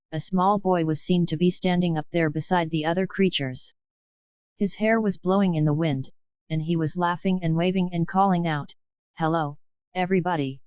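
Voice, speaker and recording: A woman narrates a children's audiobook in a steady, even reading. Her voice is low and smooth. The recording is dry and a little muffled. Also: no room sound. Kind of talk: scripted narration. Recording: dull dry studio recording.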